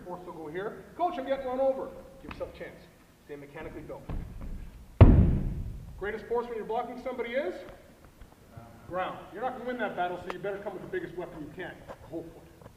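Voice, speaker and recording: A man coaching youth football linemen at a clinic, emphatic and repetitive, often checking in with "okay?", recorded from far away in a large indoor hall. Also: high voice. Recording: echoey hall, far from mic, noisy.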